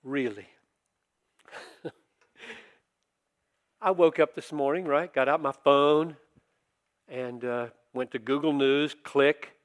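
An older man preaching a sermon, talking conversationally and rising to forceful emphasis. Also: medium pitch, steady tone, takes it slowly, long pauses. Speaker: pastor.

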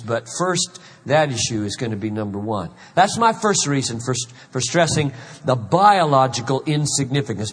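Pastor, fifties, earnest emphatic sermon, slightly husky, big reverberant hall. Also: male voice, fairly high pitch, fairly bright tone. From South Carolina, USA. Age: 50s. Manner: earnest, emphatic preaching with repetitions. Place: large church hall.

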